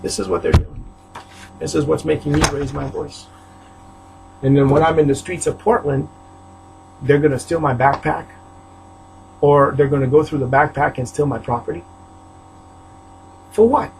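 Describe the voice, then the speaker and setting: A man's voice: a little high, steady tone, moderate pace, vocal fry, pauses often, a little mellow, slight background noise, poor audio. A man from Haiti ranting to camera in his apartment, aggrieved and repetitive, often rising into outbursts. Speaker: preacher. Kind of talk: agitated video rant. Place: apartment, indoors.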